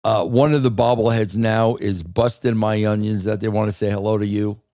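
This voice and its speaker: A man's voice: lowish voice, fairly even intonation, dark tone, dry recording, studio quality. A man co-hosting a podcast, talking casually with stops and restarts. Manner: hesitant, repeats words, quick banter. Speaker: podcast co-host. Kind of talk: casual chat.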